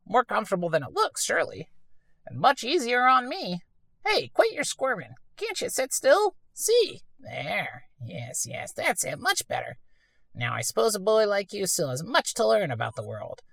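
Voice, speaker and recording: Woman doing a snooty raspy talking hat, bossy and prim, voice swooping all over. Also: medium pitch, wildly swooping pitch, moderate pace, fairly bright tone, no echo, voice pushed up, exaggerated voice. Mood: lecturing. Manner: prim, lecturing, old-fashioned phrasing. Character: haughty male talking hat, fussy and condescending. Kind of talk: let's-play voice acting.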